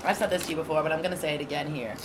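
A woman with an American accent, co-hosting a casual podcast, expressive and teasing and quick to laugh. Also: low-pitched, very noisy. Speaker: podcast co-host. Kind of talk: casual banter.

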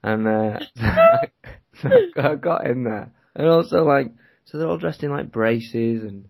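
A man, a podcast co-host telling a rambling, animated story and laughing often. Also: mid-range voice, slow pace, gravelly, no room sound. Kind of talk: casual storytelling chat.

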